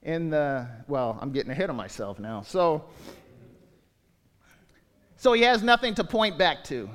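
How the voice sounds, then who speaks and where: A man preaching a sermon as pastor, animated, swinging from quiet asides to raised exclamations and acting out quotes. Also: on the high side, a little slow. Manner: animated, with sudden rises and drops and acted-out quotes. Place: church sanctuary. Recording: long hall reverb.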